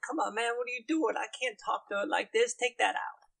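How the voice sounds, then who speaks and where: A man's voice: very high voice, fairly quick, gravelly, fairly bright tone, no room sound, voice pushed up, full character voice. A man voicing an oily, hot-tempered male guildmaster who talks like a pushy gym bro. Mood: menacing. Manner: slangy, pushy, keeps saying bro.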